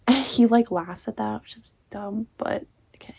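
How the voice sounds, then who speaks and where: A woman at an ordinary middle pitch talks through a book review in a loose, chatty rant. She sounds exasperated and fills her sentences with "like" and "you know.". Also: steady tone, slow, creaky, pauses often, mellow, slightly rough. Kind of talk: casual ranting review.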